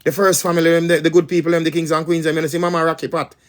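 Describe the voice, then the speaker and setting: A man's voice: a little high, flat delivery, rapid-fire. A man with a Jamaican accent, preaching as a spiritual teacher in an emphatic, repetitive patois-laced monologue.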